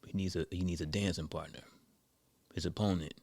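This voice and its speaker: A man voicing a serious boxing manager, speaking low and measured. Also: fairly even intonation, darkish tone, no echo.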